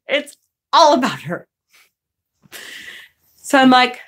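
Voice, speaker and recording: A woman's voice: sits high, sing-song, slow, pauses often, sharp tone. A woman vlogger telling a story in a casual rant to her viewers, exasperated and profane, laughing as she goes.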